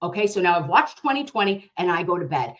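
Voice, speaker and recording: A woman's voice: lowish voice, fast. Rambling, foul-mouthed woman streamer. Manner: rambling, profane, animated storytelling. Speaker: livestream host. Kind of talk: casual livestream chat.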